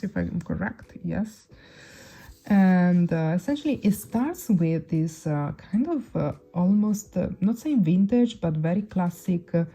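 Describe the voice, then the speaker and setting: A woman chatting through a casual perfume review, often pausing to search for words. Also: lowish voice, mellow, slightly rough. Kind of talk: casual fragrance review to camera.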